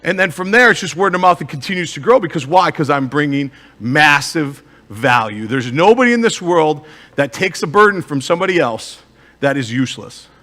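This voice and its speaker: A man's voice: a little high, sing-song, a little fast, bright, forceful tone, long reverb tail. A man, a motivational speaker and life coach with an Upper Midwest American accent, giving an emphatic live talk to an audience and asking the crowd rhetorical questions. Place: stage in a hall.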